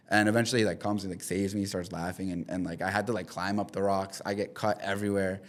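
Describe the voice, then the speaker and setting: A young man in his twenties chats as a podcast guest, his voice sitting a little low. He tells stories in an animated, rambling way, packed with fillers and restarts. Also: fast, hardly any pauses. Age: 20s. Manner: animated storytelling with many fillers. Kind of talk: casual chat. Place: studio in the city.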